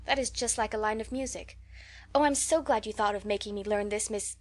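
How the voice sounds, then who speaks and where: A woman's voice: mid-range voice, brisk, lightly acted. An eager little orphan girl of eleven pours out her daydreams in a breathless, romantic rush, as a woman reads her part. The voice sits in an ordinary middle register, full of wonder. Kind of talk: audiobook character reading.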